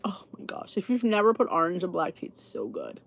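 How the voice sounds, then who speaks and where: A woman's voice: lowish voice, huge pitch swings, a little fast. A middle-aged woman from the Philadelphia area with a Philly accent, hosting a podcast in a rambling, casual chat to her viewers. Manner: chatty, rambling, frequent restarts and asides. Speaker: podcast host.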